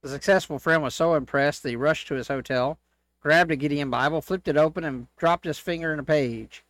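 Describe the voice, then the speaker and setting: A man reading church jokes aloud as a co-host, in a steady storytelling delivery. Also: a little high, a little fast, no room sound.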